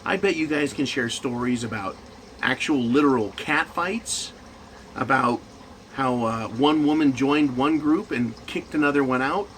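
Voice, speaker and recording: A man's voice: medium pitch, measured pace, fairly bright tone, slight background noise, rough recording. A man in management ranting crudely and mockingly in a profane monologue. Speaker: commentator.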